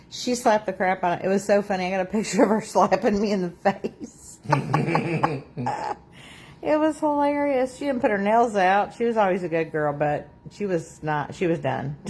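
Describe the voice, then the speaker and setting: A woman's voice: mid-range voice, a little mellow, breathy edge. A woman hosting a live crafting stream, chatting casually, laughing often and reading out viewer comments. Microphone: phone on a tripod.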